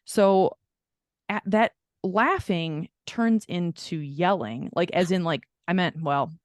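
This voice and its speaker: A woman's voice: on the low side, slow pace, no room sound, clean studio sound. A woman co-hosting a podcast, telling a long story in casual chat and acting out the people she quotes. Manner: animated storyteller who acts out quoted people. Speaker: podcast co-host.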